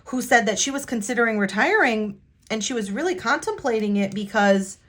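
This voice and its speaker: A woman from the United States chatting casually while decorating her planner, talking in a halting, hesitant way with sighs and restarts, sincere and heartfelt. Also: fairly high pitch, lively intonation, a bit bright. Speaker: planner vlogger.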